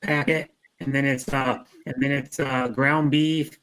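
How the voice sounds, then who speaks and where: A man rambling casually as a live-stream guest, tripping over his words with plenty of fillers. A loud crowd murmurs behind him, and his pitch sits in the middle. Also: level tone, measured pace. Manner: rambling, loose, lots of fillers. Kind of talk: casual chat.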